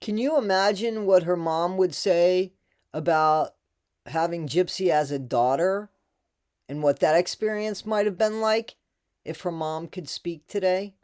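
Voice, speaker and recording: A woman's voice: fairly low pitch, measured pace, darkish tone. An American woman making sarcastic, mocking asides as she comments on a TV clip for her reaction video.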